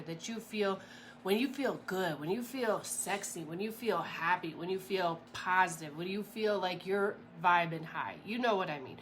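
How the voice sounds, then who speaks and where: A woman in the middle of her range talks to camera as a mindset coach. She sounds chatty and animated and rambles with fillers and little laughs. A faint hiss sits under the voice. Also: mid-range voice. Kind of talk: casual motivational talk to camera.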